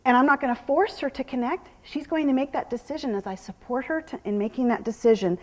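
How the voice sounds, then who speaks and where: A middle-aged woman horse trainer teaching a live clinic, calmly explaining as she works a horse and slipping into soft praise and hushed whispers to it. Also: high-pitched, fast, long reverb tail. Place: horse arena during a clinic.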